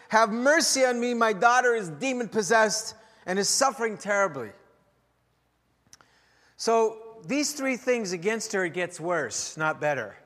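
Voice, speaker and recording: A man preaching a sermon as pastor, telling a story with wry humor and swings in loudness. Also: high-pitched. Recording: long hall reverb.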